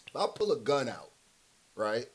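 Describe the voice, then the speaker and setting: A man's voice: mid-range voice, sing-song, measured pace, breathy edge. A man hosting casual reaction commentary, talking bluntly with slang and rhetorical questions and laughing often. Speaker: commentary host.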